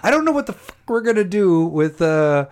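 A man's voice: sits high, very animated, moderate pace, clear, resonant tone. A man cohosting a podcast in casual chat, teasing his cohost and laughing often as he rambles through the plans for the episode.

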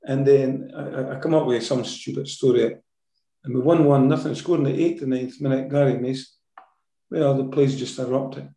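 A Scottish man with a mellow, warm voice tells animated stories from his football management days, often ending sentences with "eh?". He is recorded in an echoey room. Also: medium pitch, normal speed. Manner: lively storyteller, tags sentences with "eh?". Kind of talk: anecdotal interview storytelling.

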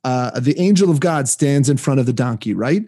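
He's a podcast co-host with a mid-range, dark-toned voice, lively intonation, and a moderate pace. Part of a Jewish community that reads the weekly Torah portion, he keeps a faith conversation chatty, laughing often and restarting as he retells a scripture story.

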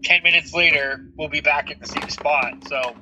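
A man in his thirties telling animated parenting stories in casual chat, swearing freely. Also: a little high, moderate pace, background noise. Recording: dull lo-fi recording.

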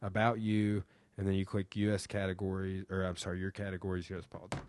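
A man's voice: sits low, completely flat delivery, fast talker, a little mellow, dry recording. A young man hosting a podcast, talking in a rambling way with lots of fillers and swearing. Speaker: podcast host. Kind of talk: casual chat.

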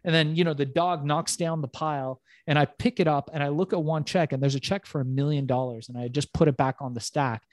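A man's voice: fairly high pitch, steady tone, a little fast, few pauses, no room sound. A man hosting a casual talk, telling stories in a brash, profane way. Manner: brash storytelling, heavy swearing. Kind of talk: casual conversation.

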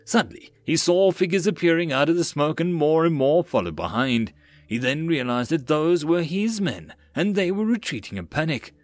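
A man narrating a web novel audiobook in a steady storytelling read. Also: a little high, normal speed, no room sound.

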